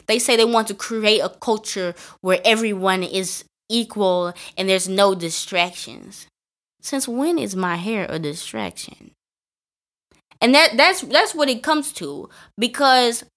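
A young woman co-hosting a podcast in casual chat, emphatic and animated, her voice climbing into exclamations. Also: a little high. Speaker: podcast co-host.

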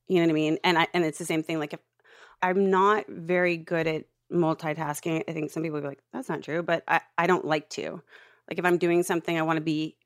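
Woman podcast guest, low-pitched, open and candid, dry close mic. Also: no room sound. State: out of breath. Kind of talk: casual interview chat.

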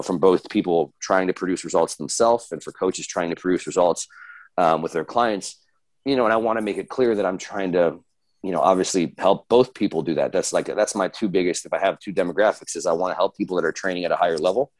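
A man's voice: low-pitched, darkish tone, no echo, low-quality recording. A man speaking as a fitness coach guest in a casual podcast interview, candid and rambling, swearing freely and laughing at himself. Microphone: video call.

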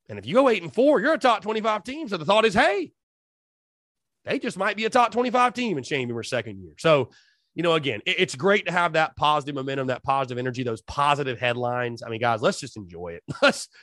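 A man hosting a solo sports podcast, talking straight to his listeners in an animated, hype-filled way. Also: fairly high pitch, no room sound, studio quality. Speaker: podcast host.

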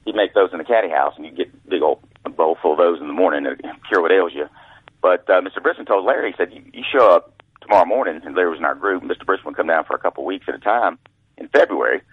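A man with a very low, husky voice spins long, folksy stories as a radio guest. He rambles from one tale to the next. The sound is tinny and phone-like. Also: rapid-fire, dry recording. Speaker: author and guest. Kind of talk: telling anecdotes. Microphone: telephone.

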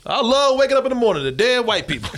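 A man hosting a casual movie review chat, talking in an animated, profane way and laughing often. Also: very high-pitched, quick pace. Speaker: movie review show host.

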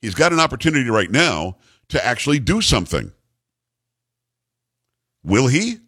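A male talk radio host speaking in an emphatic, ranting monologue. His voice sits mid-range but swings widely with lively intonation, punching out rhetorical questions and demands. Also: mid-range voice, normal speed, husky.

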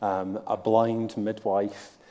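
A man with a low voice hosts an interview on stage. He puts his questions with wry, joking remarks. The sound has the long reverb of a large hall. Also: level tone, slow pace, dark tone. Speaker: interviewer, event host.

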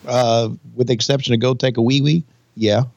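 Gruff profane older man in his sixties. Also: medium pitch, fairly even intonation, a little fast, a little mellow, no echo, muffled recording. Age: 60s. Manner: gruff, blunt, profane, dry jokes. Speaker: podcast co-host, former wrestling figure. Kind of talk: casual podcast banter.

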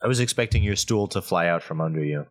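Deep-voiced man with dry quips. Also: expressive, fast talker. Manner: dry one-liner quips. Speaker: podcast co-host. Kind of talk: casual chat. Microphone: video chat.

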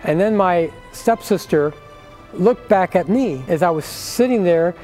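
A man's voice: high-pitched, expressive, unhurried, warm tone, faint music behind. An older man giving an earnest personal faith testimony, acting out the voices of people in his story.

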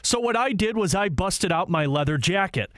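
A man co-hosting a hockey podcast chats in a relaxed way and trades friendly teasing with his partner. His voice sits a little high for a man. The sound is dry and close. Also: moderate pace, no echo. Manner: easygoing, teasing banter. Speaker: podcast co-host, sports broadcaster. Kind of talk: casual chat.

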